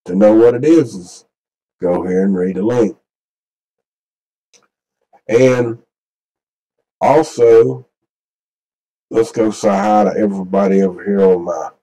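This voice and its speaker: Folksy male channel host, low and very dark-toned, rambling casual commentary. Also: slow pace, long pauses, rough recording. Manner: rambling, folksy, repeats himself. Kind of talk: casual screen-share commentary.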